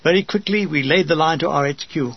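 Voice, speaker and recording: A man reading his own wartime memoir with dry, deadpan comic timing. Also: fairly high pitch, fairly quick, creaky, lo-fi sound, a little hiss or hum. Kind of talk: comic audiobook narration.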